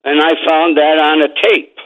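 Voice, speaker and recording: A man's voice: on the high side, flat delivery, moderate pace. An older man telling blunt, streetwise stories as a guest on an interview show, swearing freely. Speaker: guest, former mob associate and author. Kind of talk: storytelling interview. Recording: phone line.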